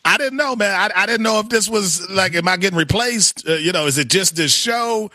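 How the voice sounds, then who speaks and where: A male co-host on a casual sports show, animated and quick to poke fun at himself. He tends to stammer when excited. His voice is slightly high and sharply bright. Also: no echo, clean studio sound.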